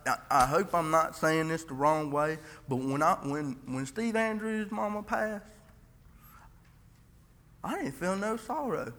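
Casting: a folksy male lay preacher, earnest and halting, bright voice in a reverberant church. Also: on the high side. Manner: earnest, folksy, with frequent restarts and scripture reading. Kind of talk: informal church sermon.

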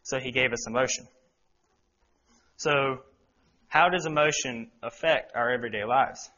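A man's voice: medium pitch, unhurried, pushed and bright. A young man giving an earnest sermon to a congregation, with frequent ums and restarts. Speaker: lay preacher. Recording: dull lo-fi recording.

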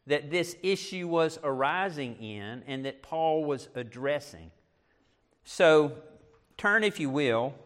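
A middle-aged male pastor preaching a sermon, animated, with self-deprecating asides. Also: fairly high pitch.

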